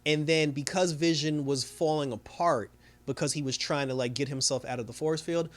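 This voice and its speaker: A man hosting a casual TV episode recap, talking in an animated, chatty way with lots of fillers. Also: a little high, moderate pace. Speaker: TV review host.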